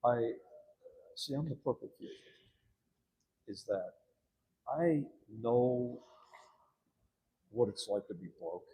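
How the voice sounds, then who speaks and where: A man's voice: medium pitch, slow, creaky, pauses often, slight background noise. A man giving a rambling, profane interview, acting out the people in his stories. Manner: profane, animated, acts out quoted people. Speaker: interview guest. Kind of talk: rambling candid interview talk.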